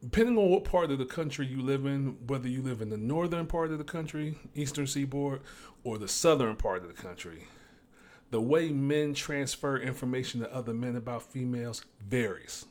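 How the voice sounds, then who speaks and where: A man's voice: medium pitch, lively intonation, moderate pace, darkish tone. A man hosting his own show, talking alone in a blunt, profane, ranting way. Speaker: show host. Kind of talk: casual monologue.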